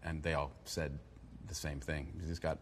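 A man's voice: rumbling low, moderate pace, slight background noise. A man in his forties, an actor guest in an interview, who talks with dry jokes and frequent stammered restarts. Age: 40s. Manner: joking, deadpan asides, stammers and restarts. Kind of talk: casual interview chat.

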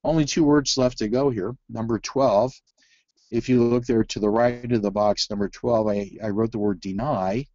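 A man's voice: mid-range voice, fairly even intonation, moderate pace, darkish tone, no room sound, dull audio. A man teaching a phonics webinar, talking through word activities with many fillers and restarts. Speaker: reading teacher presenting a webinar. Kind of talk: webinar presentation.

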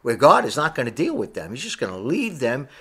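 Animated, bright-voiced male preacher. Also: mid-range voice, brisk, slightly rough. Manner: emphatic, rhetorical questions, repeats phrases. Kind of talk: sermon.

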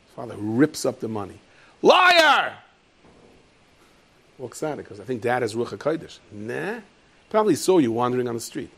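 A man giving a lively Torah lecture as a rabbi, jumping into high, loud voices when he tells stories. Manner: lively storyteller, leaps into high shouted voices for characters. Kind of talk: animated Torah lecture with storytelling.

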